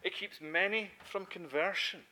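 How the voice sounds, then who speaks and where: A middle-aged Scottish man preaching a sermon, earnest and emphatic, climbing to forceful peaks and sinking low again. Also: unhurried. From Scotland.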